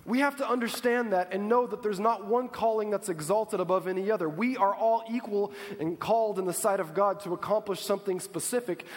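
A man with a high, ringing voice preaches a sermon, pressing each point with emphasis and calling out to his congregation for answers. His words trail off into a long reverb from the church hall around him. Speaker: pastor.

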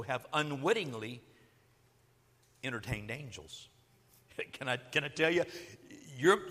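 A male pastor with a high, bright voice preaches an animated sermon in a church sanctuary, acting out the quotes he delivers. The church hall gives the recording a long reverb.

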